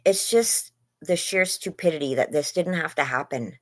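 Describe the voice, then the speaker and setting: A woman hosting a phone livestream from her bed at home chats casually, rambling and warmly greeting viewers by name. Her voice is low and her pace moderate, and it grows worn as she says she's losing it, with her lungs hurting.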